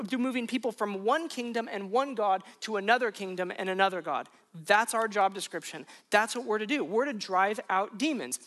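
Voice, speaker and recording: Animated male preacher. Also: high voice. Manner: animated, rises to emphatic punchlines; conversational, self-questioning asides. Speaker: pastor. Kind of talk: sermon.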